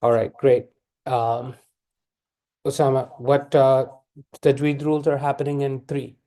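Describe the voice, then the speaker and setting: A man teaching tajweed, patiently correcting students and modeling the recitation slowly. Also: mid-range voice, level tone, mellow.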